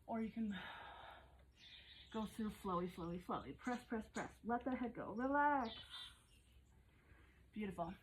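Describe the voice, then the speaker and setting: A woman's voice: mid-range voice, normal speed, long pauses, slight background noise. A woman in her thirties coaching a home workout while exercising along, chatty and upbeat, out of breath, cueing moves between breaths. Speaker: fitness instructor.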